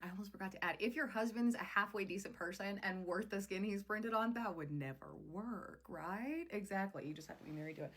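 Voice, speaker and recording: A woman's voice: medium pitch, brisk, few pauses, a bit bright. A woman hosting a casual recap, chatting sarcastically and speaking straight to her viewers. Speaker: host.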